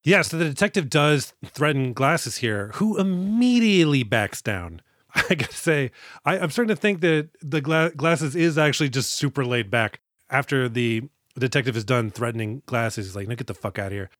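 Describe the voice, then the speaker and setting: A man co-hosts a casual movie podcast in a mid-range, fairly bright voice with lively intonation and a moderate pace. He laughs often and acts out characters' lines, recorded with clean studio sound and no room sound.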